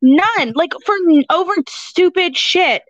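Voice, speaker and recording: A woman's voice: extremely high pitch, expressive, a little slow, no room sound, lo-fi sound. A woman guest on a podcast, chatting bluntly, laughing easily and swearing casually.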